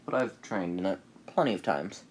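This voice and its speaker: A man's voice: deep voice, lively intonation, normal speed, slight background noise. A man voicing a cocky teen boy ninja. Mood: cool.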